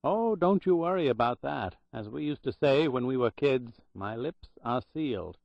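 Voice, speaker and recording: A man's voice: mid-range voice, lively intonation, normal speed, gravelly, no room sound, lo-fi sound, voice pushed up. A man voicing a chatty, portly woman hospital clerk with a Boston accent, gushing and gossipy.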